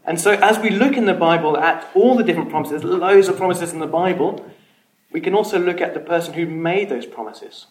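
A man's voice: fairly high pitch, a little fast. A man leading an informal Bible study, earnest, often repeating words and putting questions to the group. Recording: echoey room, faint noise.

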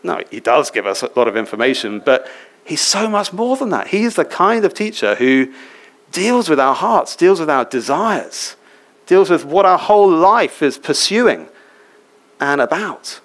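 A man's voice: a little high, sing-song, unhurried, a bit bright. A man preaching a sermon in a church, chatty and engaging, often asking the congregation questions. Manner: conversational, asks the congregation questions.

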